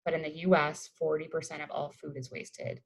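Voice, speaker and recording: A woman's voice: low-pitched, level tone, brisk, vocal fry, poor audio. Upbeat woman giving a webinar talk. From Colorado. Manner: upbeat, conversational, enthusiastic about the topic. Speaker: waste-reduction educator. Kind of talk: webinar presentation. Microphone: video call.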